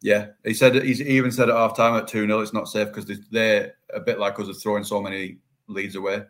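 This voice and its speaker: A man's voice: on the low side, level tone, a little fast. A man speaking as a guest on a casual football fan podcast, plain and matter-of-fact.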